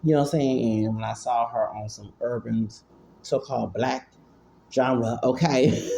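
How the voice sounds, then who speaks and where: A man's voice: medium pitch, fairly even intonation, measured pace, vocal fry, dark tone. A man, talking in rambling casual commentary, often repeating and stammering. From Houston, Texas. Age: 40s. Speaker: vlogger.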